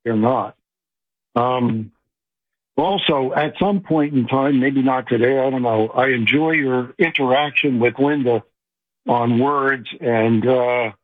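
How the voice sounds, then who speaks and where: A man's voice: mid-range voice, slow pace, no echo. A man calling in to a radio show, agreeable and eager. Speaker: caller. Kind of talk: phone call to a radio show. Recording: husky voice over a phone line.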